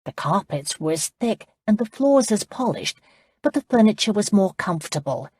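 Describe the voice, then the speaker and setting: Husky-voiced woman narrating an audiobook. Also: mid-range voice, sing-song, normal speed, a little mellow, dry recording, clean studio sound.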